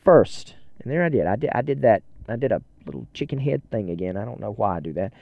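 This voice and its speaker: A man speaks on the low side, fast and expressive with some vocal fry, as he hosts a podcast from his moving car. He rambles casually and earnestly and is self-deprecating, and the dry recording sounds narrow and tinny.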